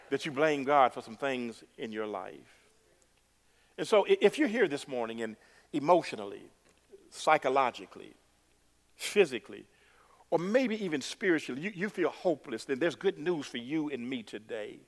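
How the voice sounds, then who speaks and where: A man's voice: high-pitched, sing-song, normal speed, fairly bright tone, long reverb tail. A man preaching a sermon, repeating words for emphasis and calling the congregation "y'all".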